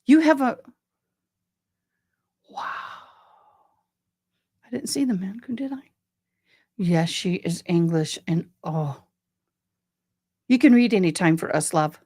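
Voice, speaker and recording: A woman's voice: lowish voice, animated, slow pace, pauses often, warm tone, breathy edge. A middle-aged woman from Tennessee with a Southern accent, chatting casually with viewers on a livestream and reading out their comments. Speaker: livestream host.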